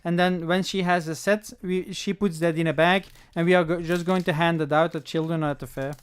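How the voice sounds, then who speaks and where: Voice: medium pitch, steady tone, brisk, smooth. A livestream host chatting casually with viewers while opening trading card packs, thinking aloud and reading the chat. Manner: thinks aloud with small self-corrections.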